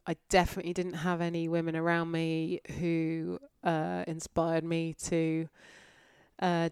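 A woman's voice: lowish voice, clear, resonant tone, no echo, clean studio sound. A woman in her forties from North Yorkshire, candidly reflecting on her life as a podcast guest. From North Yorkshire, England. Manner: reflective, candid, many fillers and restarts. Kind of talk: conversational interview.

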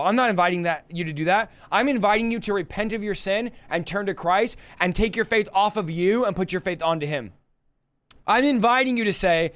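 A man's voice: high-pitched, lively intonation, normal speed, fairly bright tone, smooth, dry recording. A man preaching a sermon with an impassioned, repetitive cadence.

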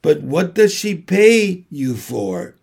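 A man's voice: high voice, expressive, takes it slowly, creaky, a little mellow, breathy edge, voice pushed up, exaggerated voice. A man voicing an earnest, kind young girl in a storybook reading, pleading with a friend.

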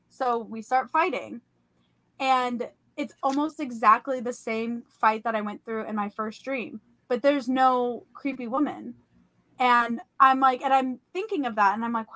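A young woman hosting a podcast, telling about a vivid dream in a casual, animated way full of "like" and fillers. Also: high-pitched, normal speed, no echo. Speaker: podcast host. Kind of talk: casual storytelling.

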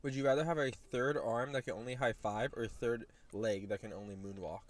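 A man chatting casually with a friend in a parked car, animated and quick to laugh, swearing now and then. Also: mid-range voice. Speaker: podcast co-host.

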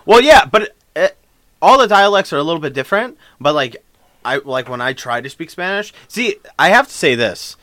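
Podcast guy going yeah yeah a lot, teasing his buddy, kinda high bright voice, dry mic. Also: sing-song, normal speed, no room sound. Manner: short agreeing replies, teasing questions. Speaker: podcast co-host. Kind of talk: casual crude banter.

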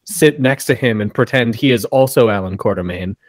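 A man's voice: mid-range voice, brisk, no echo. A man co-hosting a podcast, talking through a movie in casual chat and adding wry asides. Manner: chatty, adds wry asides and agreements. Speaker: podcast co-host.

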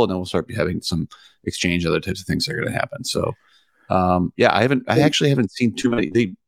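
Super deep gravelly dude explaining stuff on a podcast, dry close mic. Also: male voice, no room sound. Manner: relaxed, explains things with hedges. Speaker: podcast co-host and validator. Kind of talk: casual chat.

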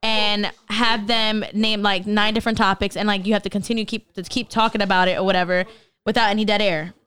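A woman's voice: medium pitch, level tone, a little fast, fairly bright tone, clean tone, no room sound. Rambling young woman podcast host. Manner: rambling, lots of fillers and restarts. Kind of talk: casual chat.

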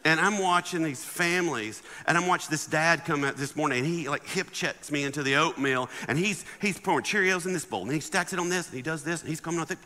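Lively man preaching in a hall. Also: a little high, fast talker, hardly any pauses. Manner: animated, acts out the people in his stories. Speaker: guest speaker. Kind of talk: humorous sermon storytelling. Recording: long hall reverb.

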